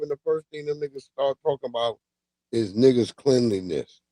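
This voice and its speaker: A man hosting a livestream, chatting casually with animated, profane storytelling and laughs. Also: fairly high pitch, moderate pace, no echo. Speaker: livestream host. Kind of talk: casual commentary.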